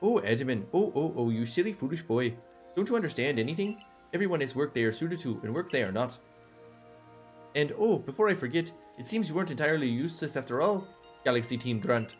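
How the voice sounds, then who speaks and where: A man's voice: a little high, animated, brisk, soft background music, natural voice. A man voicing an arrogant, pompous male video game clan leader in a put-on accent, drawling and belittling everyone. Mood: condescending.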